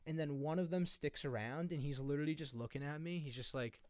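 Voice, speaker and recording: A man's voice: a little high, fast talker, darkish tone, dry recording. A young man in his twenties, a podcast co-host, telling a rambling story with lots of swearing. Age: 20s. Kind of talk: casual chat.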